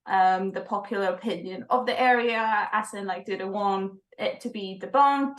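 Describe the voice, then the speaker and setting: A woman's voice: mid-range voice, reverberant, low-quality recording. A woman playing in a tabletop role-playing game, speaking politely and thoughtfully in long, winding sentences. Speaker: player. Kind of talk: casual tabletop game play.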